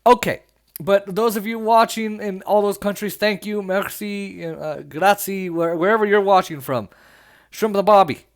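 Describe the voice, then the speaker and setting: Brief: male political vlogger, high-pitched, sarcastic and mocking, casual solo talk. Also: fairly even intonation, normal speed. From Las Vegas, Nevada. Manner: sarcastic, laughs often, mocking. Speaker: political commentary host.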